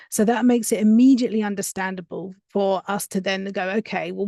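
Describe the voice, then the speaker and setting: A woman's voice: mid-range voice, creaky, mellow, no echo, clean studio sound. A woman presenting on a live stream, carefully explaining research step by step with frequent fillers. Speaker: dog trainer presenting research.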